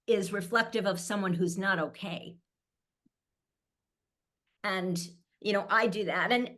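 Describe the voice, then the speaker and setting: A middle-aged woman appears as a guest on a panel, speaking candidly in a conversational way, telling stories and laughing a lot. Her voice is medium in pitch with a fairly bright tone.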